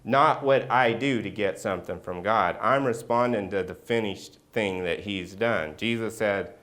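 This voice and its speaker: A man preaching a sermon as pastor, telling a personal story and acting out the scenes with loud outbursts. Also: fairly low pitch, unhurried. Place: church sanctuary.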